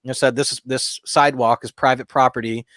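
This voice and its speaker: A man's voice: mid-range voice, fairly even intonation, a little fast, fairly bright tone, no room sound. Male podcast co-host, casual rambling storyteller, dry close recording. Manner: rambling storyteller, many fillers and restarts.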